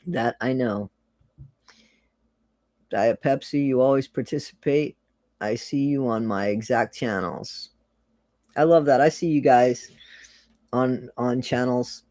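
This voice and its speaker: A rambling host chats through a casual livestream, reading out viewer comments and echoing their own phrases back with easy laughs. The voice sits at a middling pitch and sounds close and dry, with no room around it. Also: darkish tone. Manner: chatty, rambling, laughs often, repeats phrases.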